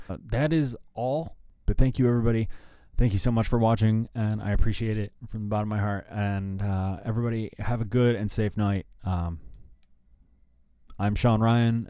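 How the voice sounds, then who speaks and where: A man's voice: lowish voice, mellow, no room sound. A man hosting a rock news show, ranting angrily and swearing heavily about a band. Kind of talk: profane opinion rant.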